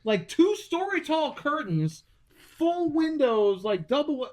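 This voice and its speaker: A man co-hosting a casual podcast chat, chatty, with lively interjections. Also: extremely high pitch, slow pace. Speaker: podcast co-host.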